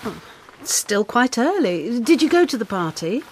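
A woman's voice: fairly high pitch, very animated, moderate pace, a little hiss or hum. An actress playing an anxious, fussing British mother in a radio drama. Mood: fretful.

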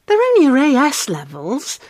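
Casting: fretful British mum, high and very expressive. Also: female voice, normal speed, no echo. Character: anxious, fussing British mother. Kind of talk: radio drama acting.

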